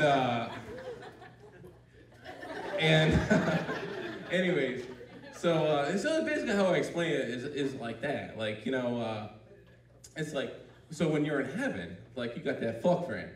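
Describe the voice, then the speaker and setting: A man doing a crude, rambling stand-up comedy routine on a club stage, full of "like" fillers. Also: on the high side. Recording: roomy, distant mic in a club.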